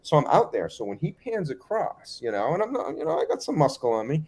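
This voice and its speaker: Animated storytelling man, lively voice. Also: a little high, brisk, slightly rough. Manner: animated, acts out other people's lines. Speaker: guest storyteller. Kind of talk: casual anecdote telling.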